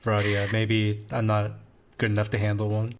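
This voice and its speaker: A man's voice: fairly low pitch, completely flat delivery, normal speed. A man playing a tabletop game, hesitant and full of fillers. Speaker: player. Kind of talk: casual tabletop play.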